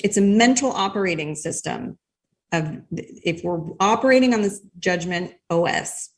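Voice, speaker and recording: A woman guest explaining her ideas in a thoughtful, measured way during a conversation. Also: mid-range voice, animated. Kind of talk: conversational interview.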